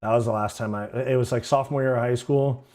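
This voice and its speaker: A man's voice: medium pitch, steady tone, fast, a little mellow. A young man hosting a livestream, telling stories casually in a rambling, slangy, profane way. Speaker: livestream host. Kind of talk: casual storytelling.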